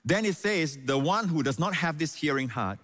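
A man's voice: a little high, animated, moderate pace, a bit bright, big-room sound. A man preaching a sermon as pastor, stressing lines and calling out hallelujah. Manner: preaching with emphatic repeated lines and call-outs of hallelujah.

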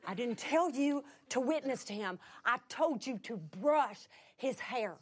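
A woman voicing God speaking to her heart in a quiet, low, firm and measured way. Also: lively intonation. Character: God, calm commanding divine male voice.

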